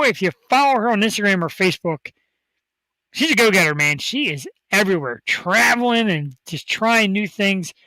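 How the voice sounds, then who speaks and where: A male talk show host hyping up upcoming guests in a rambling, excitable way. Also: high voice, no echo, low-quality recording. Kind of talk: casual talk show chat.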